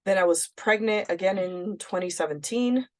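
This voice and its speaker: A woman's voice: medium pitch, normal speed. Blunt, candid woman telling her story. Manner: candid and blunt, often quoting herself with many "like"s. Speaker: podcast co-host. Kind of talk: casual personal storytelling.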